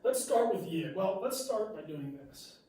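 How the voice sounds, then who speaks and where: Guy teacher lecturing, kinda high voice, super echoey room, mic a bit far off. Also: moderate pace. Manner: animated storytelling with fillers and restarts. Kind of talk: classroom lecture with anecdote.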